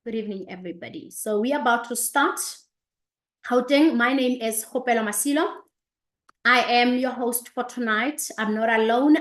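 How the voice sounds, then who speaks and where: A woman in her thirties hosting an online business session, greeting viewers by name and place with lively enthusiasm. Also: sits high. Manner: energetic, repeats greetings, reads out viewers' locations. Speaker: host of an online business presentation. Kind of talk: upbeat live-stream greeting and presentation. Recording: echoey room.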